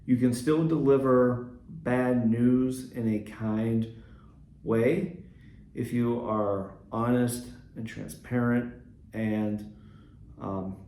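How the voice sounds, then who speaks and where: A man hosting a reflective solo podcast on leadership, speaking earnestly and at a measured pace, with frequent ums and restarts. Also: medium pitch, dark tone, roomy sound, a little hiss or hum. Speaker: podcast host, Catholic school leader.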